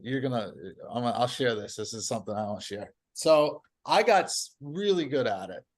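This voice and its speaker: A man telling stories as a podcast guest in casual conversation, animated and laughing often. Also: mid-range voice, brisk.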